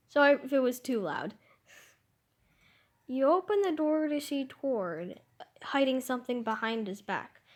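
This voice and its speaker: Slow, high-voiced woman telling a story. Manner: rambling, self-conscious, with restarts and asides. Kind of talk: casual read-aloud fan story.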